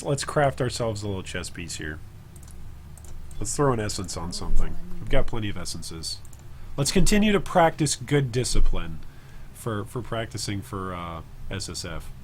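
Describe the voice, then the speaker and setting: A man's voice: medium pitch, a little hiss or hum. A man streaming a video game, thinking aloud in a casual, chatty way and answering viewers' comments as he plays.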